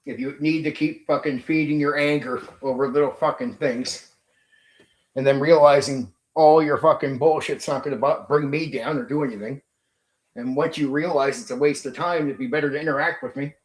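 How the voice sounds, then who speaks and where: A man with a fairly high voice, fairly even intonation, and normal speed rants on his livestream in a somewhat raised voice, blunt and full of swearing. Hosting a tabletop RPG channel, he sounds confrontational and speaks straight at his chat from an echoey room.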